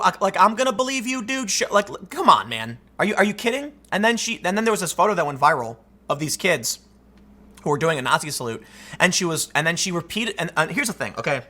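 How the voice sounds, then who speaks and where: Animated, high-voiced man ranting. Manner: emphatic, indignant, ranting. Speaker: political commentator. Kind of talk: solo commentary monologue.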